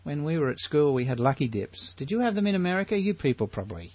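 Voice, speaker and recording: Older Australian male Bible teacher, fairly high husky voice, animated sermon delivery. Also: highs cut off. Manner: animated, rhetorical questions, drawn-out emphasis.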